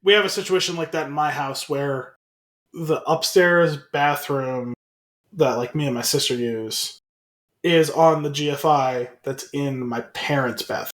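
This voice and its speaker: A man's voice: a little high, a little slow, fairly bright tone. A man co-hosting a podcast in casual chat who makes wry, quippy remarks. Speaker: podcast co-host.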